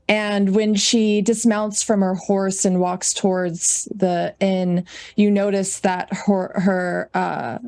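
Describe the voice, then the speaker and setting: Slow, gravelly-voiced woman player. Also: fairly low pitch, a little mellow, dry recording, clean studio sound. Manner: unhurried, with many ums and pauses. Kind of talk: describing her character at a tabletop game.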